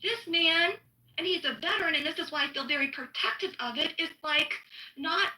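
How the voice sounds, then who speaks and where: A woman's voice: very high voice, fairly quick, sharp tone, roomy sound, low-quality recording. A woman venting angrily in an online audio room, firing off rhetorical questions and swearing. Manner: angry, profane, rhetorical questions. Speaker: audio chat room participant. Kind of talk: heated rant.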